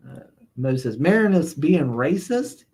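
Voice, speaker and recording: A man's voice: on the high side, sing-song, a little slow, darkish tone. Male streamer, casual rambling host who reads chat aloud and chuckles a lot. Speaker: livestream host. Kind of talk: casual chat reading viewer comments.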